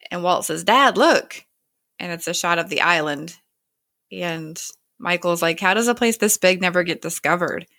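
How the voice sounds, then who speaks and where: A woman with a fairly low voice retells a TV episode in relaxed, chatty paraphrase, dropping into quick little character voices. The sound is dry and close, with no room around it. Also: gravelly, dry recording. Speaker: podcast host recapping a TV episode. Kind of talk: casual episode recap.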